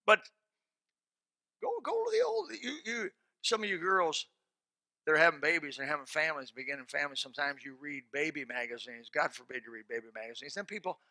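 A male preacher with a fairly high, very bright and cutting voice, heard close and completely dry. He preaches in a folksy, animated way, with plain colloquial speech and sudden loud shouts. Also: vocal fry, no echo. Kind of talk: sermon with closing prayer.

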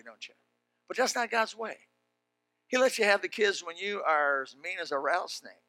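An older preacher delivers a sermon, spinning homespun stories before rising into shouted exhortation. His voice sits high and cuts with a sharp, bright edge. The sound is dry and close, with no room around it. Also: no room sound. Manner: folksy storytelling that builds to shouted preaching.

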